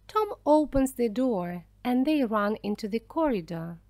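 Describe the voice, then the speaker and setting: A woman reads a simple story aloud at a slow, careful pace. Her pitch moves in a lively way and sits a little high. The recording is dry and close. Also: dry recording. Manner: slow, clear, careful reading. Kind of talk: scripted narration for language learners.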